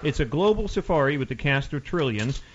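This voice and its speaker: A man's voice: fairly high pitch, expressive, a little fast, highs cut off, a little hiss or hum. A male radio host interviewing a guest, joking and laughing often.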